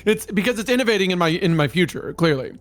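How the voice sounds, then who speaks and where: Playful giggly man, higher voice. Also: expressive, fast, faint music behind. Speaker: co-host of a stream reading a document. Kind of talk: casual joking stream chat.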